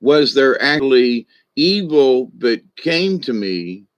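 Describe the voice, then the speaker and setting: Slow, dry-voiced man in his sixties. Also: medium pitch, big pitch swings, no echo, muffled recording. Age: 60s. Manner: slow, thoughtful, with frequent restarts and asides. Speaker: spiritual teacher. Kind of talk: reflective spoken monologue.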